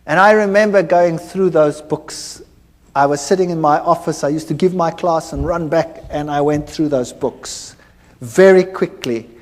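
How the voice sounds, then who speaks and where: A man, a former university lecturer, giving a personal testimony, telling his story with animated acted-out dialogue. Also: a little high, moderate pace. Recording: hall reverb.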